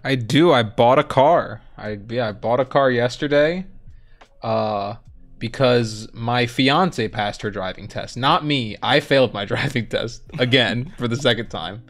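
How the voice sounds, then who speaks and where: A man's voice: mid-range voice, measured pace, a bit bright, faint music behind. A young man co-hosting a live stream, chatting casually and easygoing, amused at himself. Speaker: streamer co-host.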